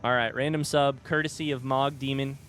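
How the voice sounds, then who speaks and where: A man with a medium pitch and steady, slightly bright tone speaks at a moderate pace, soft music playing behind him. It's a casual home game stream on a desk microphone, where he chats with viewers, reads their comments aloud, and coos at a baby.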